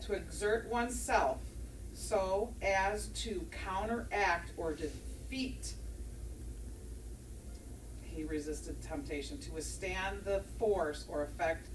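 A woman's voice: medium pitch, slow, a little hiss or hum. A woman in a casual group discussion, sharing her thoughts and reading out a word's definition. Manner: thoughtful, reads out a dictionary definition. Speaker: study group member. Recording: echoey room, mic far off.

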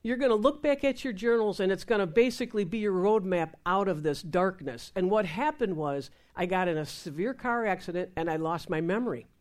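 Woman telling a lively faith testimony. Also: medium pitch, brisk, few pauses. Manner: lively, acts out dialogue in quoted voices. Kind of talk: testimony storytelling.

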